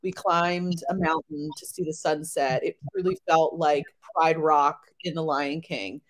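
A woman in her thirties, a podcast guest, telling travel stories in a chatty, animated way with lots of fillers. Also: low-pitched, unhurried, poor audio. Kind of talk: casual chat.

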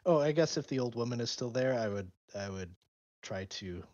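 A man's voice: medium pitch, lively intonation, normal speed, a little mellow, no echo. Man, tabletop game player, hesitant, dull lo-fi mic, dry sound.

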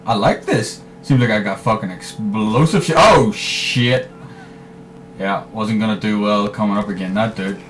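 A man giving live commentary over his own shooter gameplay, swearing freely and trash-talking in bursts of excitement. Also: lowish voice, measured pace. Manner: profane, excitable trash talk. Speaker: gaming commentator.

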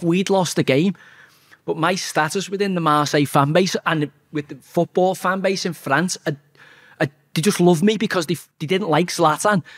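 Blunt, foul-mouthed man. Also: on the high side. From England. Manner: blunt, heavily profane, animated anecdote-telling. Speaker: podcast guest, former footballer. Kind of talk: casual storytelling.

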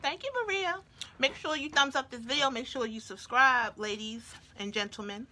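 A bright, sharp-toned woman vlogger who chats playfully to her viewers as she eats, talking through her food. Her voice sits a little high and she keeps it loose and conversational. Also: normal speed. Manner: chatty, playful, talks while chewing. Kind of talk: casual chat to viewers while eating.

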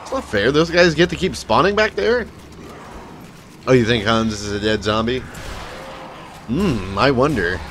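A man's voice: mid-range voice, expressive, measured pace, long pauses, noisy background. A man giving casual, sarcastic, profane commentary while playing a video game. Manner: swearing, sarcastic, laughing. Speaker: gameplay commentator. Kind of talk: casual let's play commentary.

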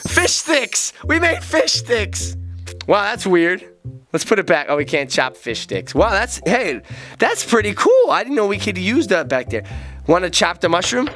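A middle-aged man hosting a kids' game video, joking excitedly and playfully as he plays alongside his child. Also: high voice, normal speed, faint music behind. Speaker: gaming channel host.

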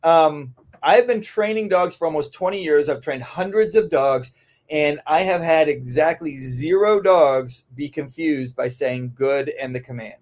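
A man who trains dogs, answering listener questions in a casual podcast, often tagging "right?" and filling pauses with "um". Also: fairly high pitch, darkish tone. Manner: conversational, frequent "um" and tag "right?". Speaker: dog trainer.

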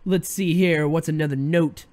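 A man's voice: a little high, fairly even intonation, moderate pace, darkish tone. A man hosting a casual review of a TV show, rambling and chatty, with frequent fillers and self-interruptions. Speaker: host.

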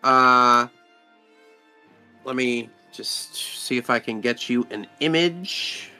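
A man narrating as dungeon master in a tabletop game, halting, with many fillers. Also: medium pitch, pushed and bright, clean tone, faint music behind.

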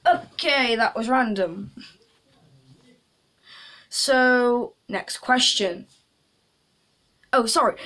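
A woman's voice: fairly high pitch, animated, extremely slow, long pauses, fairly bright tone. A young woman chatting casually in a vlog, making jokey asides to viewers. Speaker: YouTuber.

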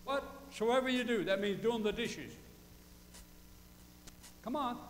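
High-voiced folksy preaching man. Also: takes it slowly, roomy sound, big-room sound, slight background noise, low-quality recording. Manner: folksy preaching that asks the congregation questions; repeats key phrases for emphasis. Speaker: pastor. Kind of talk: sermon. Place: church sanctuary.

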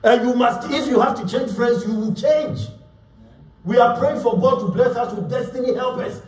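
High-pitched preacher in an echoey hall. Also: male voice, moderate pace, a little mellow. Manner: emphatic, repeats words, acts out quotes. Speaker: pastor. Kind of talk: sermon. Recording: echoey room, voice from far off.

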